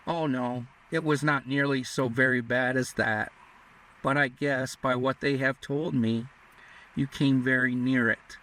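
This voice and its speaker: A man reading the part of a kind, motherly Creole woman with a soft, tender, soothing manner. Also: medium pitch, steady tone, unhurried, natural voice. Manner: gentle, soothing. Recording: distant mic.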